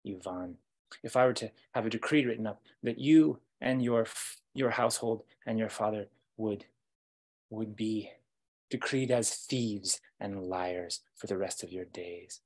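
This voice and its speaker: A man voicing a scheming villain king with a husky voice, speaking slowly and threateningly. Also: fairly low pitch, a little mellow. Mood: menacing.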